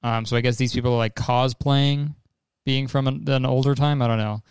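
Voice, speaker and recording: A man's voice: mid-range voice, steady tone, a little fast, darkish tone, clean tone, no room sound, studio quality. A young man hosting a casual trailer reaction, rambling and joking with swearing. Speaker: host.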